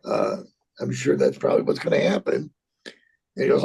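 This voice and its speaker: An actor in his sixties telling a rambling, profane story in an interview, halting and repeating himself. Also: on the high side, huge pitch swings, darkish tone. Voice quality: gravelly, husky.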